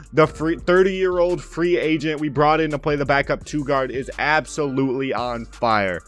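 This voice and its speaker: A young man with a slightly high voice narrates his basketball video game session in a casual, quick commentary style. He breaks into excited shouts whenever a shot drops, then settles back into running stats. Faint music plays underneath. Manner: excitable, bursts into loud calls on made shots. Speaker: gaming commentator.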